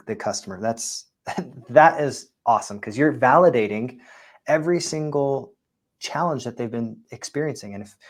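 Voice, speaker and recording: A male podcast host interviewing a guest, giving affirming responses and closing the show. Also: medium pitch.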